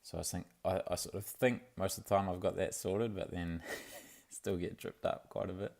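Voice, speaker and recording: Low gravelly man. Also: fairly even intonation, moderate pace, darkish tone. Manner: laid-back and rambling, with many fillers and restarts. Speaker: vlogger. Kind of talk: casual video diary.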